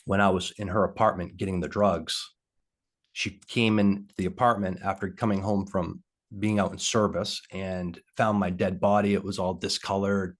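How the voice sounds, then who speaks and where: A man talking as a guest in a video-call interview, telling a personal story in a halting way with lots of pauses and fillers. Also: low-pitched.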